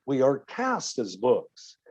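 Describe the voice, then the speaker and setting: An older man, an audiobook narrator and actor, giving a reflective convention talk in an expressive way, often saying "of course" and stretching words for emphasis. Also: medium pitch, slow pace, husky. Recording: dull lo-fi audio.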